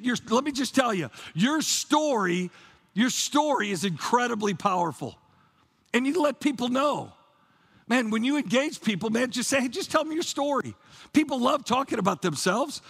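A man's voice: extremely high pitch, big pitch swings, normal speed, creaky, a bit bright, breathy edge. A man preaching a sermon to his church, fervent and casual, repeating "man" and restarting his phrases. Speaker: pastor.

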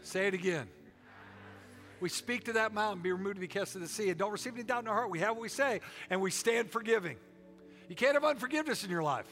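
A man's voice: high voice, lively intonation, quick pace, fairly bright tone, soft background music. A middle-aged man preaching a sermon with a folksy, joking and emphatic delivery. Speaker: pastor.

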